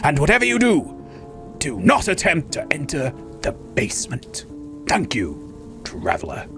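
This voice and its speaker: Man doing a creepy manor lord, courtly and formal, drawn-out words, pitch swooping high and low, faint music behind. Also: huge pitch swings, vocal fry, exaggerated voice. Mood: ominous, courtly. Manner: slow, theatrical, formal speech. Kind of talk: reading game dialogue aloud in a put-on voice.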